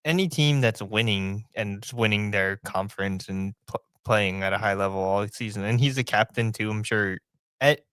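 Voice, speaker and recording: A man's voice: on the low side, moderate pace, fairly bright tone, smooth, dry recording. A young man co-hosting a casual sports podcast, playfully riffing on jokes. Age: young adult. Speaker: podcast co-host.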